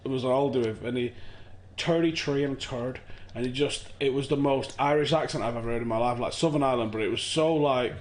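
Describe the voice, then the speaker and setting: A man's voice: mid-range voice, fast, few pauses. A man chatting casually and swearing a lot while gaming on a podcast. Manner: sweary, excitable commentary. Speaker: podcast host. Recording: noisy room recording.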